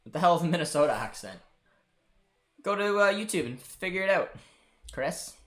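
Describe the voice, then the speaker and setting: A man's voice: high voice, expressive, moderate pace, a bit bright. A man hosting a live football watchalong stream, chatting casually and rambling to his viewers and producer. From Canada. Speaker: host. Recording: faint music behind.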